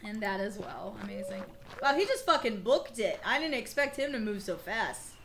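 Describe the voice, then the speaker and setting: A woman's voice: mid-range voice, lively intonation, normal speed, noisy background. A young woman with a slightly worn voice, chatting casually and swearing freely while she plays through a game on stream. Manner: chatty, profane, laughs often. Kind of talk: casual let's-play commentary.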